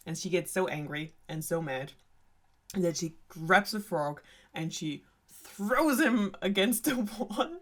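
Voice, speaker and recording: A young woman retells an old fairy tale in a loose, sarcastic chat. She swears freely and laughs often, and her voice sits a little low. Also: lively intonation, takes it slowly. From Germany. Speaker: storyteller host.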